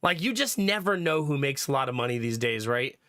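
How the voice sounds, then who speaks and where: A man's voice: mid-range voice, animated, a little fast, a bit bright, dry recording, clean studio sound. A man with a cold, telling a story to his stream chat in a casual, laughing way. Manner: chatty storytelling, laughs often, acts out quotes. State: has a cold.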